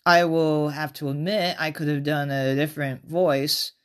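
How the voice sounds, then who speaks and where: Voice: mid-range voice, little pitch movement, a little slow. Rambling casual podcast host. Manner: rambling, self-interrupting, chatty. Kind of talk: casual movie review podcast.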